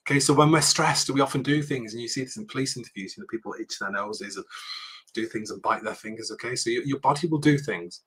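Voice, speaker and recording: A man delivers a public speaking workshop to students in a lecture room. His voice is bright and a little husky, and he talks in a loose, conversational way, often checking in with "okay" and restarting his sentences. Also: mid-range voice, quick pace. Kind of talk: university workshop talk.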